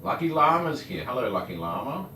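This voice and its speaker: A man's voice: medium pitch, big pitch swings, brisk. A man co-hosting a casual livestream, greeting viewers by name and teasing his co-host. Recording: echoey room, mic far off, faint noise.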